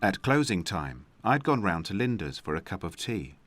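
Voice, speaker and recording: A man narrating a documentary in a dry, measured storytelling manner. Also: deep voice, big pitch swings, a bit bright, no echo, faint music behind. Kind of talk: scripted narration.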